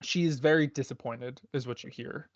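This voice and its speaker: A man's voice: medium pitch, fairly even intonation, moderate pace, no echo. A man narrating a tabletop game as game master, in a laid-back, rambling way with many fillers, heard on a dull, lo-fi recording.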